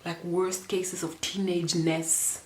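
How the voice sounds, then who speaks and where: A woman's voice: fairly low pitch, flat delivery, slow, reverberant, a little hiss or hum. A young woman from Namibia telling a personal story to camera in a casual, rambling and emotional way, with many fillers and restarts. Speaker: vlogger.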